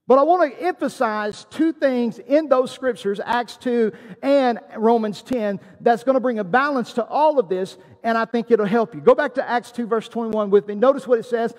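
Male pastor, very high voice, emphatic sermon delivery, long hall reverb. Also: normal speed. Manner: emphatic preaching with scripture quotes.

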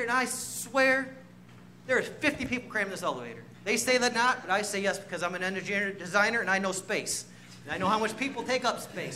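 A man delivering a sermon in a church, his voice pitched high and ringing bright. He preaches in a storytelling way, mocks himself and laughs often, with a faint hum behind him. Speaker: pastor. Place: church sanctuary.

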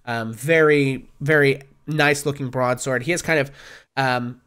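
Man, game master, tabletop narration, smooth resonant voice, lots of fillers. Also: medium pitch, steady tone, measured pace, a bit bright. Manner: descriptive, many fillers.

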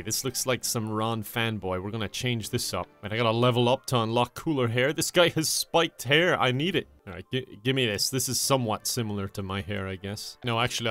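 A man's voice: mid-range voice, fairly bright tone. A young man in his twenties giving joking, sarcastic commentary while playing a game. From Ireland. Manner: sarcastic, joking, laughs at himself. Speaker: gaming YouTuber. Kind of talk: comedic let's-play commentary.

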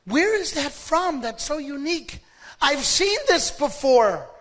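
A man voicing a young woman doctor who speaks in a gentle, reassuring way. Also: very high-pitched, sing-song, measured pace, in a large hall, voice pushed up, full character voice. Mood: curious.

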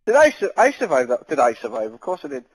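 A man on a headset in game party chat, loud and laughing, teasing his mates crudely. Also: mid-range voice, huge pitch swings, fast talker, slightly rough, rough recording. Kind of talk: casual gaming banter.

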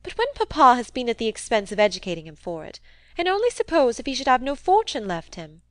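A woman's voice: a little high, wildly swooping pitch, fast, no room sound, voice pushed up. A woman reading the part of a prim, mild young woman who complains in a lifted, reproachful tone.

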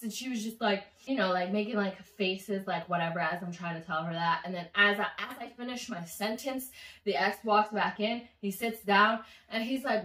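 A woman's voice: medium pitch, moderate pace, distant mic. A woman telling a story in a casual vlog, swearing freely and acting out what each person said. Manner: animated, profane, acts out quoted voices. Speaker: vlogger recounting a dream. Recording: echoey room, somewhat off mic.

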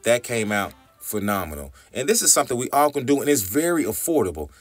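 A man's voice: medium pitch, sing-song, fast talker, faint music behind. A man, narrating a recipe tutorial for his cooking channel in an upbeat, chatty way, often calling his viewers y'all.

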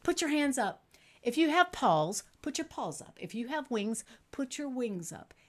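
A woman's voice: high voice, very animated, unhurried, voice pushed up, exaggerated voice. A woman voicing a friendly, joking male monkey hand puppet for young children. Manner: jokey, chatty, bouncy.

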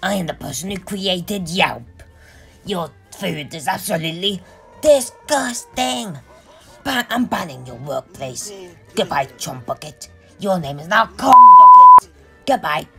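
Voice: mid-range voice, huge pitch swings, a little slow, vocal fry, bright, forceful tone, faint music behind, exaggerated voice. A young gamer putting on the voice of a self-important restaurant critic banning a diner, dismissive and haughty. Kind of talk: playful gameplay role-play.

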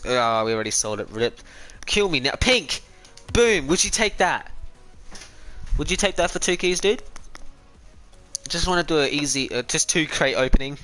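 An Australian gaming streamer with a slightly high, sharp voice chats casually and rambles with viewers between trades during a live game. He's speaking into a personal streaming mic.

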